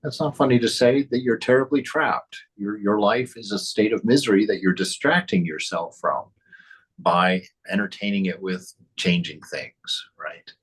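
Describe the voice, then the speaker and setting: A man's voice: lowish voice, normal speed, husky, rough recording. A man teaching spirituality, reading from a devotional text and reflecting on it in a conversational way, often asking "right?". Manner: reflective, conversational, with frequent "right?" and "you know".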